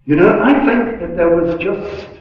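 A man giving a sermon at a gospel meeting, earnest and unhurried, swelling on key words and dropping in chatty asides. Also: high voice. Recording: echoey room, distant mic, dull lo-fi.

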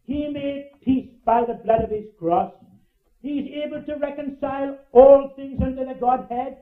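Older preacher on a tinny echoing tape. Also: male voice, steady tone, moderate pace. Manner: fervent, swings between loud urgent cries and low hushed asides; repeats phrases for emphasis. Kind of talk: evangelistic sermon. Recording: tinny, echoey old sermon tape.

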